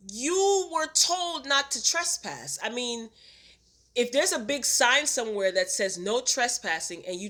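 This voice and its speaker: A woman with a bright, forward voice gives a casual review of a reality TV reunion. She is opinionated and easily exasperated, and she stops and restarts her sentences with plenty of ums. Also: medium pitch. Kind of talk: casual commentary vlog.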